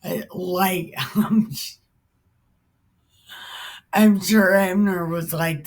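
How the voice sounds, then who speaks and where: A woman's voice: fairly low pitch, fairly even intonation, drawn-out words, pauses often. A woman hosting a casual Bible reading, mixing the text with chatty, profane, slangy asides. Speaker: Bible commentary host.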